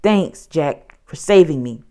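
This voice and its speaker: A woman voicing a cheerful, curious young girl who talks in a bubbly, excited way. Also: low voice, slow. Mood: earnest.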